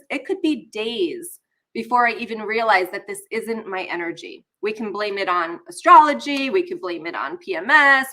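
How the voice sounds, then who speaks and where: A woman's voice: medium pitch, pushed and bright. A woman hosting a live online session, teaching casually and talking straight to viewers while a bit under the weather. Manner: chatty, talks straight to viewers, greets chat.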